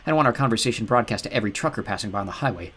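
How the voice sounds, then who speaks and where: A man reading an audiobook, voicing a guarded adult woman who speaks softly and cautiously. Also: lowish voice, expressive, very fast. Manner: soft, cautious and earnest. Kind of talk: audiobook narration.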